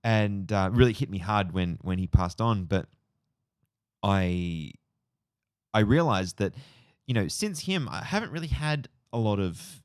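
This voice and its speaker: A man's voice: on the low side, animated, unhurried, smooth, dry recording, clean studio sound. Reflective Australian man telling stories. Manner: rambling, reflective storytelling with many fillers. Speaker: podcast co-host. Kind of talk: casual chat.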